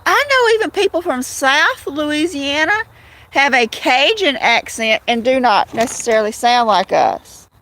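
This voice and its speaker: A woman with a Southern US accent chats loosely on a livestream, her voice sitting a little high and swinging up and down a lot. She rambles from thought to thought, greets viewers by name and laughs often. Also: expressive, measured pace, a bit bright. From Southern United States. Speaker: livestream host. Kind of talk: casual livestream chat.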